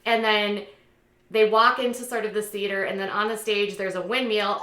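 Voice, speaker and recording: Brief: sarcastic female recapper, bright tense voice, roomy echo. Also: medium pitch, moderate pace. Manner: gossipy, sarcastic, lots of "like" fillers; acts out quotes in mocking voices. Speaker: reality TV commentator. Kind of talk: casual recap commentary.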